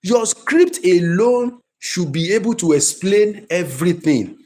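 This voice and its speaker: A man's voice: sits high, unhurried. A man teaching a live class on film scriptwriting, emphatic and repetitive. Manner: lively, emphatic, repeats himself.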